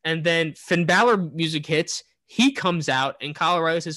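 A man's voice: on the high side, normal speed, bright, forceful tone, no room sound. A man co-hosting a casual wrestling podcast, recapping the show in a rambling way with many fillers and restarts. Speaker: podcast co-host.

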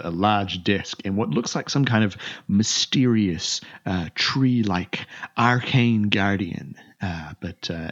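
A man narrating as game master of a tabletop game, halting with many restarts. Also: on the low side. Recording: muffled lo-fi recording.

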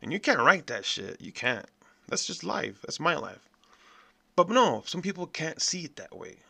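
A man hosting a podcast, delivering a profane, blunt, animated rant in a casual monologue. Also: fairly high pitch, normal speed, vocal fry, breathy edge. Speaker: podcast host.

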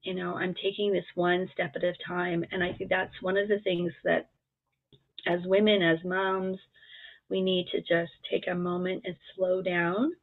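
A middle-aged woman coach talking in a reflective, gently encouraging way, acting out her own inner dialogue as she speaks. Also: on the low side, flat delivery, a little slow. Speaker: guest coach. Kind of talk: conversational interview. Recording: tinny phone-like line.

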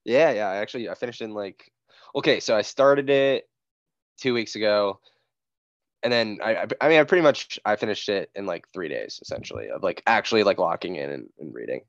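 A man's voice: lowish voice, animated, brisk, vocal fry, no room sound. Young man, podcast co-host, easygoing laughs, dry dull sound. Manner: laid-back, laughing, drifts quieter. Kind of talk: casual podcast banter.

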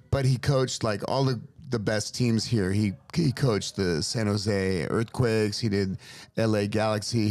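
A middle-aged man from Los Angeles, a guest telling lively, profane stories about his father in casual chat. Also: fairly low pitch, creaky. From Los Angeles, USA. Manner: profane, lively anecdotal storyteller. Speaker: interview guest. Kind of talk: casual storytelling.

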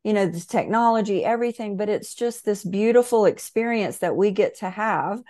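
A woman's voice: mid-range voice, normal speed, darkish tone. A woman guest, a coach, chatting casually over a video call in an enthusiastic, affirming way. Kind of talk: casual spiritual conversation. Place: home, remote from host.

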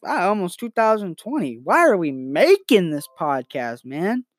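A man's voice: high voice, sing-song, measured pace, dry recording. A young man hosting a casual home podcast, talking in a hyper, rambling way and swearing freely. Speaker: podcast host. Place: at home with his dog. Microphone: new desktop microphone.

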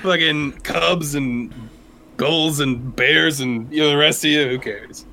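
Bright, slightly high-voiced rambling man. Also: takes it slowly, creaky, slight background noise. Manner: rambling, laughs, drops into quoted voices. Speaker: podcast co-host. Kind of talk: casual movie review chat.

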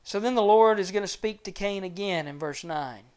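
A male preacher with a fairly high voice teaches from scripture in an earnest, measured sermon. He lets his voice drop soft and low when he reaches a grave point. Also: clean tone.

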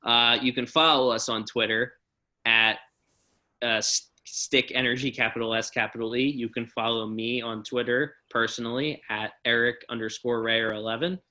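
A young man hosting a casual podcast, his voice bright and forceful. He rants openly and swears freely, stumbling and restarting as he fires off his opinions. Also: medium pitch, normal speed. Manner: ranting, profane, animated. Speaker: podcast host.

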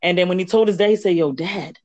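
A woman in a casual faith podcast chat, retelling a story with lively quoted dialogue. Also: mid-range voice, rapid-fire, no echo. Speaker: podcast co-host. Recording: dull lo-fi dry recording.

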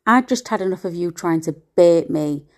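A woman in a blunt, profane, scornful rant to camera, her pitch leaping as she gets worked up. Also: moderate pace. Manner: animated, with sudden pitch jumps. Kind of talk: ranting monologue to camera.

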